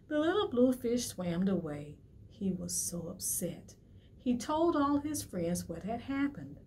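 Reading a picture book aloud to preschoolers at the library, a woman with a mid-range voice speaks a little slowly, lively and full of questions for the children.

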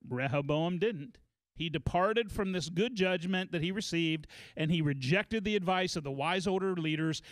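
A male pastor delivers a church sermon with an animated storytelling manner. His voice sits high for a man. The sound is dry and close, with no room echo. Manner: animated storytelling, acts out quotes.

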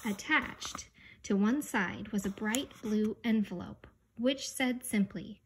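A woman's voice: medium pitch, a little hiss or hum. Woman reading a children's book aloud. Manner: unhurried, expressive read-aloud pacing. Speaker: audiobook reader. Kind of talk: storybook narration.

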